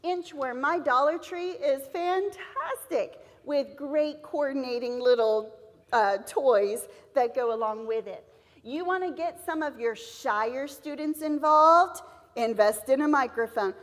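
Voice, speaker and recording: A woman's voice: sits high, measured pace. A woman presenting a teacher-training seminar, acting out letter sounds and classroom scenes as she explains. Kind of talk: lively teacher-training talk. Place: church hall. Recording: echoey hall reverb.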